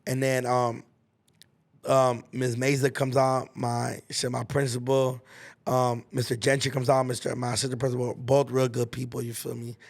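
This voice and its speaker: A man's voice: mid-range voice, completely flat delivery, normal speed, vocal fry. Slangy young man telling a story. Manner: slangy, profane, with spoken sound effects. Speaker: podcast host. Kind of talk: casual storytelling.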